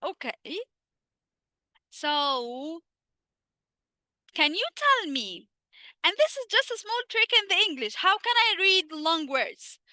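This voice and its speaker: Teaching English live online, this Egyptian-accented woman, a native Arabic speaker, poses questions and answers them herself, speaking English slowly and her Arabic asides quickly. Her very high voice is sing-song, the sound is pushed and bright, and there's no room sound.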